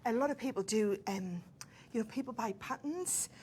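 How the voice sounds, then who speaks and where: Her voice sits on the high side, brisk and a little mellow, with a faint hiss or hum in the recording. She's a northern English crafting guest expert giving a chatty, step-by-step sewing demo, dropping in tag questions like "right?"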